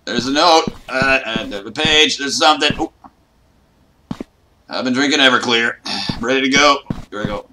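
A man playing a horror game and commenting as he goes, joking and boasting, with trash talk and sudden yelps and shouts. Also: mid-range voice, normal speed, long pauses, slight background noise. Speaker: gaming YouTuber.

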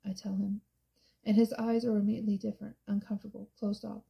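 A woman reading a first-person novel aloud, soft and intimate, at times near a whisper. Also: mid-range voice, little pitch movement, fast talker, vocal fry, highs cut off. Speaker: audiobook narrator. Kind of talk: first-person audiobook narration.

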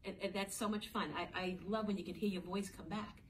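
Reading a picture book to young children, this teacher keeps it playful and sing-song, regularly speaking to them directly. Her mid-range voice holds a steady tone at a brisk pace. The mic is distant, with faint ambience and slight background noise.

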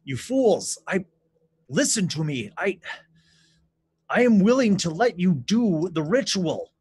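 A man's voice: sits high, big pitch swings, slow pace, darkish tone, husky, no room sound, voice pushed up, heavily acted. A formal, insistent captive king, put on by a man running a tabletop game. He speaks in stiff, old-fashioned phrasing and presses his point with rising urgency. The sound is dry and close. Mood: urgent pleading. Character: captive scheming male king, proud, pleading.

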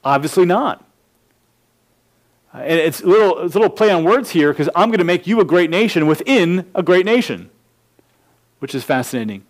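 Guy preaching a sermon, kinda high voice, explaining points, stops and restarts a lot. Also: expressive, moderate pace, long pauses. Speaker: pastor. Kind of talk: expository verse-by-verse sermon.

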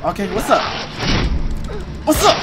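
A woman gaming YouTuber reacting to gameplay, swearing and trash-talking in an excitable way. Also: mid-range voice, a little slow, over loud music, low-quality recording.

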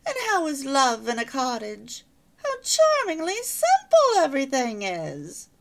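A haughty older lady from a storybook, sweeping and grand, pitched up high and loud with lavish exclamations, as a woman puts her on. Her tone is lofty and critical beneath the praise. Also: huge pitch swings, a little slow, heavy background noise, heavily acted. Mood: grand, gushing.

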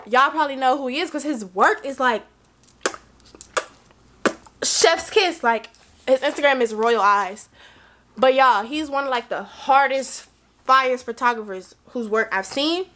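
A young woman chatting excitedly to her vlog viewers, a little tipsy and talkative. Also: high voice, measured pace, long pauses, a little hiss or hum. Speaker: vlogger. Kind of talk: casual chat to camera.

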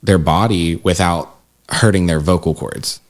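A haunted house manager and scare actor with a very low voice chats unhurriedly in a casual interview. He's an animated storyteller, acting out quoted voices with jumps in pitch as he tells his stories with energy.

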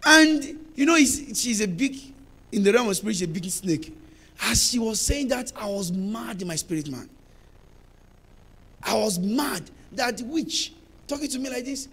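High-pitched fervent pastor. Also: male voice, expressive, unhurried, slightly rough. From Nigeria. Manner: fervent, emphatic, repeats phrases, bursts into shouts. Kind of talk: charismatic sermon.

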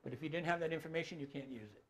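Over a noisy background, a middle-aged man with a fairly high voice speaks rapid-fire while teaching an audience about dementia care. He stays casual and conversational, often checking in with his listeners and throwing in filler phrases.

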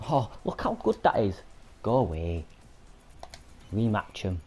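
A lower-voiced man with a Yorkshire accent rants and swears as he plays a video game. He keeps up a running commentary that bursts into loud frustration. A faint hiss of noise sits behind him. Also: big pitch swings, measured pace. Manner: swearing, ranting, frequent angry outbursts. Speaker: gamer. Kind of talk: gaming commentary.

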